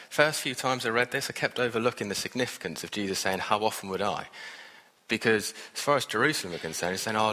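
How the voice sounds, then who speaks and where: A man's voice: on the low side, pushed and bright. A man preaching a sermon in an earnest, conversational way, adding self-deprecating asides. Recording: reverberant hall.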